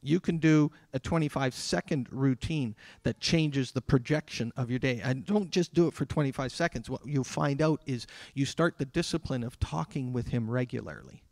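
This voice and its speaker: A man delivering a sermon as a pastor, talking conversationally with dramatic pauses. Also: mid-range voice, gravelly, darkish tone, no room sound, clean studio sound. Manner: conversational preaching with dramatic pauses and acted quotes.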